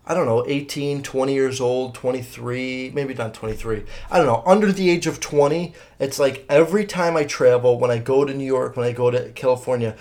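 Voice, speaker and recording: A young man hosting a solo podcast from a room at home, rambling casually, swearing freely and correcting himself as he goes. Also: medium pitch. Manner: rambling, profane, self-correcting. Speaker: podcast host. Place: home room, partly soundproofed.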